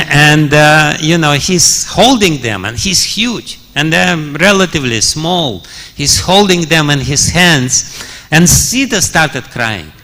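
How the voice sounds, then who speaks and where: A man's voice: a little high, expressive, slow pace, pushed and bright. A man preaching a scripture story in a temple hall, chuckling often and using many fillers. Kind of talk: storytelling sermon.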